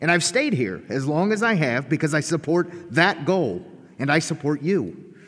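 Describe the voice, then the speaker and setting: A man's voice: a little high, big pitch swings, normal speed, a bit bright. A mild office right-hand man. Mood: sincere. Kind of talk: live radio drama acting. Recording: live stage recording, long hall reverb.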